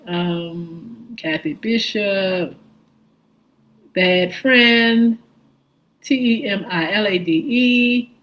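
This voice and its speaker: On poor audio, a woman with a fairly low-pitched voice hosts a live morning show on radio and livestream. She does viewer shout-outs in a friendly way, greeting people by name and spelling out their usernames.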